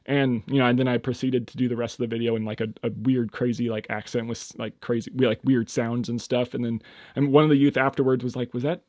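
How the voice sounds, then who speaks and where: A young man talks through a casual solo podcast with a medium-pitched voice in a dry, close recording. He rambles and hesitates, restarting his sentences often. Now and then he jumps into sudden high, excited bursts. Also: fast talker, no echo. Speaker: podcast host.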